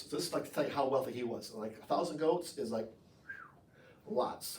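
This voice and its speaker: An American man preaching a sermon as pastor, in a conversational, animated way with jokes. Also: mid-range voice, moderate pace. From United States. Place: church sanctuary. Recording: echoey room, voice from far off the mic.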